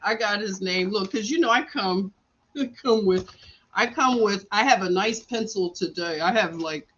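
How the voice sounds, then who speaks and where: A woman's voice: medium pitch, normal speed, fairly bright tone, muffled recording, slight background noise. A woman live streaming from a hospital room, telling a story in casual chat, laughing often and acting out what people said. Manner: chatty, laughs often, acts out quotes.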